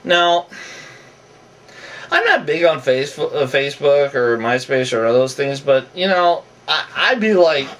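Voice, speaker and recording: A man's voice: a little high, lively intonation, unhurried, fairly bright tone, distant mic. A man giving off-the-cuff, opinionated commentary that rambles with asides and restarts.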